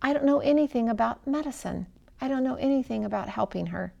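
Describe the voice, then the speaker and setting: Woman playing a kind, apologetic young woman, storybook read-aloud, slightly high. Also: expressive, quick pace, vocal fry, mellow, lo-fi sound. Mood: sorry. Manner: sympathetic, apologetic. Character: kind young woman, sympathetic but unsure.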